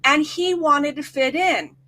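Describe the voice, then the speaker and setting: A woman's voice: sits high, slow, sharp tone. A middle-aged woman, a hypnotherapist guest, animatedly telling a client story and acting out the quoted voices. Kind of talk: storytelling in casual chat.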